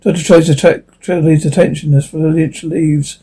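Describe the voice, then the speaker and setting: Guy reading out a script plainly, highish voice, soft mellow tone. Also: level tone, normal speed, husky. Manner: plain, reads speaker names before each line. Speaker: narrator.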